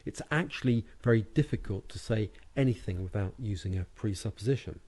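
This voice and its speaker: A British man narrating a lesson on hypnotic language patterns, speaking slowly and deliberately with hypnotic phrasing and words marked out by tone. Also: lowish voice, dark tone. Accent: British English. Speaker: hypnotherapy and NLP trainer. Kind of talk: recorded lesson narration over slides.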